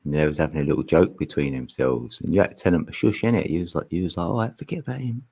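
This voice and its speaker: Deep husky man chatting on a livestream. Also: rapid-fire, mellow. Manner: joking, rambling, laughs often, sings loosely. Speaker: livestream host. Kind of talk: casual live stream chat.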